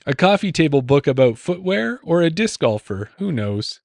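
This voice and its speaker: A man's voice: a little high, very animated, moderate pace, creaky, darkish tone, no room sound, clean studio sound. Playful, sing-song podcast quizmaster man. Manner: teasing, repeats clues, laughs at his own puns. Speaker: podcast host reading pun clues. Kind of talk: playful podcast quiz banter.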